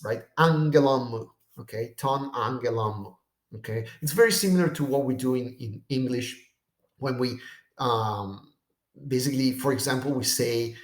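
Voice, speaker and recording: A man's voice: medium pitch, echoey room. A man teaching a language lesson. He explains step by step and keeps checking in with "okay?" and "right?". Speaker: teacher of biblical Greek. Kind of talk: lesson on screen text.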